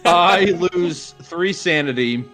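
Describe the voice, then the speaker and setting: A man playing a tabletop game in a slightly high, bright voice. He reports his rolls plainly and casually. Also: takes it slowly, faint music behind. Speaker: player.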